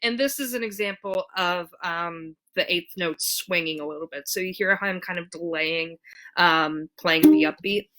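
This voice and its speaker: A woman's voice: on the low side, expressive, moderate pace, a bit bright, soft background music. A woman teaching ukulele in a casual tutorial, counting beats aloud with many ums. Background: her own ukulele strumming.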